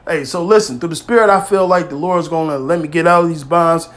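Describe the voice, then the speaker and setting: A man preaching informally to his brothers, with emphatic, street-style speech that swings between loud exhortation and quiet, low asides. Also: fairly quick. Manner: emphatic and streetwise, peppered with "man" and "hey", swearing freely. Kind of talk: informal scripture teaching.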